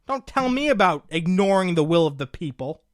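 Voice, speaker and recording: A man's voice: sits high, sing-song, moderate pace, no room sound, studio quality. A young man hosting a political talk show, delivering combative, sarcastic commentary and calling his listeners folks.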